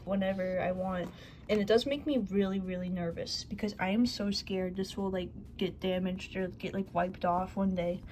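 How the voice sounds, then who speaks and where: A woman's voice: medium pitch, darkish tone, slight background noise, low-quality recording. A woman vlogging casually about her collection, rambling and laughing as she tells a story.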